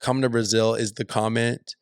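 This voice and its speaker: A man's voice: mid-range voice, little pitch movement, normal speed, clean tone, dry recording. A young man from Alaska, a musician guest, chatting in a dry, joking way with lots of restarts. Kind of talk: casual interview chat.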